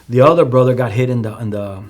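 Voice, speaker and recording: Fairly quick and medium in pitch, this man speaks Chicano-accented English as a podcast guest. His personal testimony comes out loosely, story-style, full of fillers and restarts.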